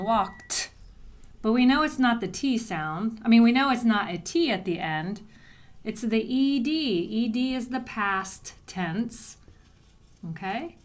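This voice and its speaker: A woman teacher giving a recorded writing lesson to young students, patiently explaining step by step and sounding out letters. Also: fairly high pitch. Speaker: elementary school teacher.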